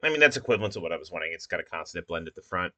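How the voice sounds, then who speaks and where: A man with a low but very bright, sharp-edged voice thinks aloud in a casual, halting way, full of fillers and pauses. The sound is dry and close, with no room echo. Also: big pitch swings, dull audio. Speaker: puzzle maker.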